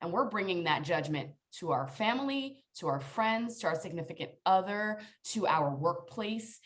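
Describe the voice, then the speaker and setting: On a podcast interview, a woman who works as a coach shares her personal story with earnest emphasis, addressing the audience directly. She speaks at a normal speed in a lowish, slightly bright voice with lively intonation.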